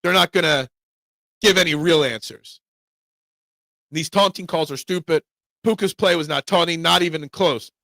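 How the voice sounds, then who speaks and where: A man hosting a live sports talk show, giving opinionated, excitable fan takes and answering chat. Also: a little high, normal speed, long pauses, no room sound.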